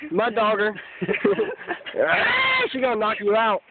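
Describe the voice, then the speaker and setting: Young man, very high voice, crude joker among friends; tinny phone recording with loud crowd chatter. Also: level tone, brisk, very noisy. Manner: crude teasing jokes, frequent laughter. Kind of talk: casual banter among friends. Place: outdoors at a swimming hole.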